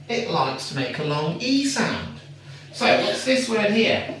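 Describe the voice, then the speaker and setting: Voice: medium pitch, sing-song, fairly bright tone, recorded from a distance. Encouraging teacher in an echoey room. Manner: patient, encouraging, sounds out words slowly. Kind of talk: phonics lesson for a young child. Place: home room. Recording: echoey room, away from the mic, faint noise.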